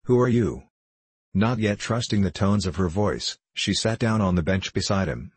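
A man narrating a classic novel in a measured, solemn storytelling manner. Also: sits low, breathy edge. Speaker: audiobook narrator. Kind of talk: scripted narration.

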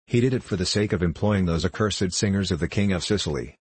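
Man reading a sharp old fishwife in an audiobook, complaining, low husky voice. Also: fast talker, no echo.

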